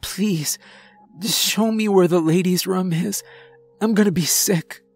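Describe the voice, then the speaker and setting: A man's voice: high-pitched, sing-song, unhurried, no echo, faint music behind, pitched above the performer's own voice, full character voice. A man voicing a frightened, confused young woman, speaking urgently with rising panic. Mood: panicked.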